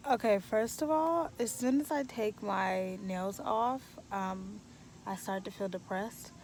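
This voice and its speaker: A young woman chatting casually in a home vlog, joking about herself and squealing when she gets excited. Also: medium pitch, slight background noise. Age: young adult. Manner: jokey, self-deprecating, squeals when excited. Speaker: vlogger. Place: home and backyard.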